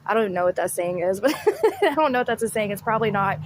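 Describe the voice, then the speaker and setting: A woman's voice: medium pitch, lively intonation, fast, slight background noise. A woman chatting casually and laughing often as she comments on a clip. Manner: chatty, giggly, slangy. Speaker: commentary YouTuber.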